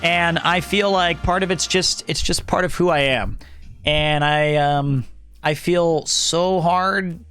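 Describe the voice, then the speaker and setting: Loud, bright-voiced man chatting on stream. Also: fairly high pitch, takes it slowly, smooth, no room sound, faint music behind. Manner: loud, projecting, animated talker. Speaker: streamer reading chat. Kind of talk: casual live-stream chat.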